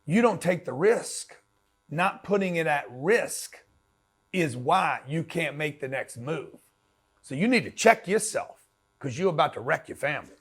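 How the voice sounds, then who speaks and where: A man's voice: on the high side, expressive, a little slow, fairly bright tone, breathy edge. A man giving a blunt, slangy motivational talk, punchy and direct, often acting out quoted voices. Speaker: motivational business speaker.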